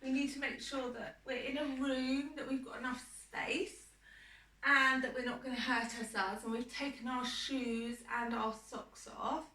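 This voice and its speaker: A woman with an English accent, a primary school teacher, gently guiding children through a yoga lesson with slow, step-by-step instructions. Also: on the high side. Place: indoor room. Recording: roomy, distant mic, faint noise.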